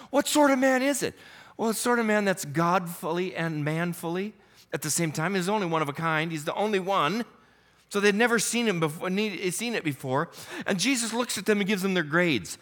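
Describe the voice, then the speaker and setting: A man preaching a sermon, telling stories with folksy humor and loudly acting out quoted lines. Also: high-pitched, brisk. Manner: animated storytelling, acts out quotes loudly. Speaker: pastor.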